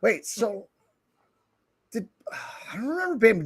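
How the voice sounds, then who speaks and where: A man with a high, lively voice co-hosts a crude, casual podcast. He drops quick wisecracks into the conversation and laughs freely. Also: breathy edge. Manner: quick crude one-liners, laughs a lot. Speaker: podcast co-host.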